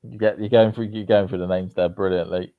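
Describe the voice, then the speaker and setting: A man's voice: deep voice, steady tone, brisk. A man from Yorkshire with a Yorkshire accent, co-hosting a tennis watchalong in a thoughtful, easygoing way. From Yorkshire, England. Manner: thoughtful, laughs easily. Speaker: watchalong co-host. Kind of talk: casual live commentary chat. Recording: slightly dull lo-fi audio.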